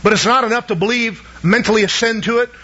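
A man's voice: high-pitched, fast talker, pushed and bright, husky, lo-fi sound. A man preaching a sermon, asking the congregation questions and pressing each point with emphasis. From Southern United States. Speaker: pastor.

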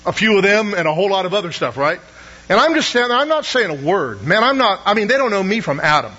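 A man's voice: high voice, pushed and bright, slightly rough, muffled recording. A middle-aged man preaching a sermon in a conversational, storytelling way, asking the audience rhetorical questions.

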